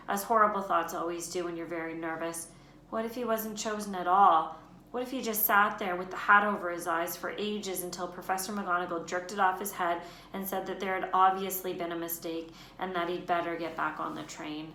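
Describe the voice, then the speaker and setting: Brief: expressive woman teacher reading aloud, bright and slightly low, in a roomy space. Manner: expressive, lifts her voice for names and shouts. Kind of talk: children's book read-aloud. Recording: roomy room echo, faint noise.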